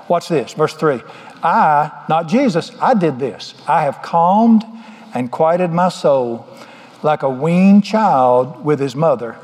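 A man's voice: a little high, lively intonation, measured pace, a little mellow. A middle-aged man preaching a sermon, folksy and joking as he tells stories. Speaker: pastor. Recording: long hall reverb.

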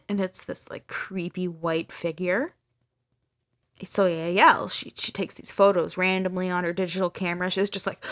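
A woman's voice: mid-range voice, expressive, moderate pace. A woman podcast host casually retelling a story, acting out the dialogue with casual swearing.

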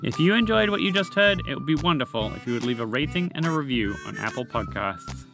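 Gentle man reading a storybook podcast. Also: mid-range voice, expressive, quick pace, creaky, music in the background. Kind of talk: storybook narration for children.

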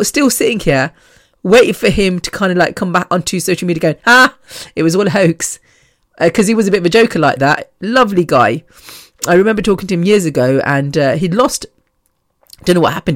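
A woman's voice: on the low side, no room sound, clean studio sound. Chatty woman in her fifties. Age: 50s. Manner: rambling, chatty, swears freely, laughs between sentences. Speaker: podcast host. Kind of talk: casual podcast monologue.

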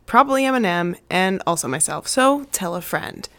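A woman's voice: fairly low pitch, expressive, moderate pace, fairly bright tone. A young adult woman hosting a casual solo podcast, ranting in a chatty, sarcastic, playful way into a studio mic. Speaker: podcast host, ER travel nurse. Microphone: studio mic, new recording setup.

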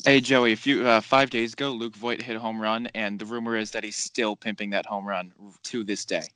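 A man's voice: a little fast, clean tone, no echo. A man co-hosting a casual baseball chat, stubborn and teasing in argument. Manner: stubborn, teasing, lively pitch. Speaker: podcast co-host.

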